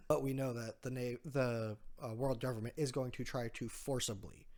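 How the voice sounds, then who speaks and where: A man casually recaps a comic chapter for his podcast, chatty and easygoing with quick laughs. His voice sits at an ordinary middle pitch. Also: steady tone, darkish tone. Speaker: podcast co-host.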